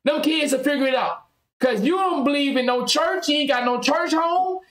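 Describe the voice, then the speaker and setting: A man's voice: extremely high pitch, moderate pace, a bit bright, echoey room, low-quality recording. A man hosting a casual podcast, talking in an emphatic, riled-up way. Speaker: podcast host.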